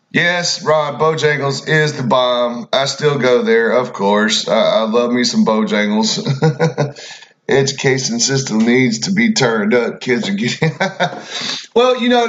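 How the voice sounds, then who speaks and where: A man's voice: medium pitch, fairly bright tone, reverberant, slight background noise. Guy on a radio show, cussing, rambling, blunt, kinda muffled lo-fi sound. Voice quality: profane, blunt, drawling. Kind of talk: casual rambling storytelling. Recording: dull lo-fi recording.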